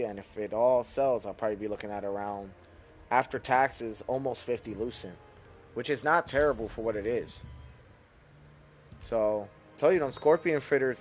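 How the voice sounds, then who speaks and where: A young man giving relaxed, chatty commentary over his game, thinking aloud and swearing casually. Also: mid-range voice. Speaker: gaming YouTuber.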